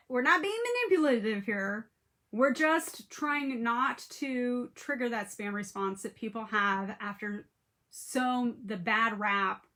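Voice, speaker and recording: A woman's voice: on the high side, a bit bright. A woman coaching direct sellers in a casual, chatty way, acting out sample messages with emphasis. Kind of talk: casual instructional talk to camera.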